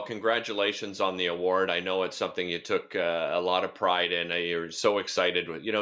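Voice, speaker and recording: A man with a Canadian accent hosting a local TV interview show, measured and warm as he introduces and questions his guest. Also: deep voice. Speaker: host.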